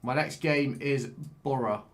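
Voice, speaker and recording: A man giving casual live-stream commentary while he plays a game, excitable, swearing and chatting with viewers. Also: medium pitch, unhurried.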